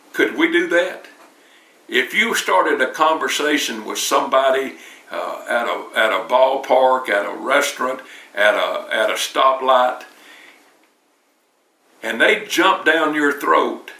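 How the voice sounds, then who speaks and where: Slow-talking preacher with a bright tone. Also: male voice, medium pitch. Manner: conversational, repeats words, stumbles on restarts. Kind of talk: sermon. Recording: roomy, distant mic.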